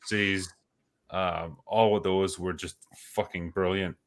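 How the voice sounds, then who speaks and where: A man's voice: low-pitched, fairly even intonation, unhurried. A Scottish man hosting a casual panel chat, talking frankly and swearing freely. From Scotland. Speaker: podcast host.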